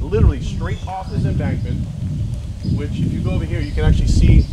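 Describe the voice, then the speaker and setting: A man in his forties telling a wild story by a road, animated and swearing freely. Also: on the high side, heavy background noise. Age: 40s. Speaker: vlogger. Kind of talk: casual storytelling vlog. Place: outdoors by a road.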